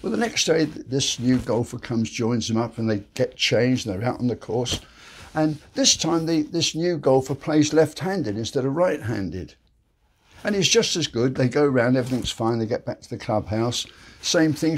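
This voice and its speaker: A man's voice: mid-range voice, animated, normal speed, slightly rough. A man hosting a daily joke show, telling jokes in a chatty, folksy storyteller manner. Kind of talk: casual joke telling to camera.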